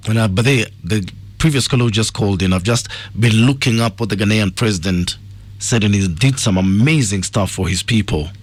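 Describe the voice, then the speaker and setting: A man with a Kenyan accent hosting a radio call-in show, reading listener messages aloud. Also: mid-range voice. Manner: reads listener messages aloud, brief replies. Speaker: radio host.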